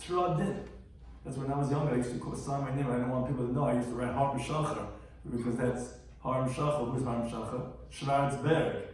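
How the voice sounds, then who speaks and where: A man's voice: medium pitch, darkish tone. A male rabbi teaching a Talmud class, chanting Aramaic phrases and explaining each in plain words with small jokes. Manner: explains Aramaic phrases line by line, chanting the original then translating, with quips. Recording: very echoey room, distant mic.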